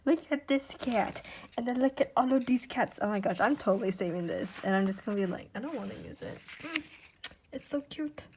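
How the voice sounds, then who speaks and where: A woman chatting casually at home while unboxing gifts. She gushes excitedly, repeats "oh my gosh" and sometimes keeps her voice hushed. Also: a little high, fairly quick, a little hiss or hum. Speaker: YouTuber. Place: at home indoors.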